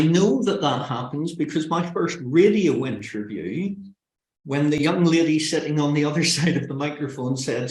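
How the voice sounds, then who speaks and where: A man from Northern Ireland with a Northern Irish accent presents a public speaking webinar in a lively, joking way, full of self-mocking stories. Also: a little high, moderate pace. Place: indoors, on a video call. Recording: roomy echo.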